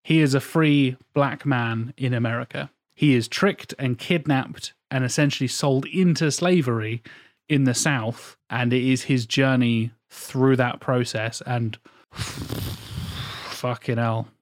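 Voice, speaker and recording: A man's voice: medium pitch, steady tone, unhurried, no room sound, clean studio sound. A man in his thirties co-hosting a podcast, talking about films in a casual, rambling way and swearing often. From England. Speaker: podcast co-host. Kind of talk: casual film discussion.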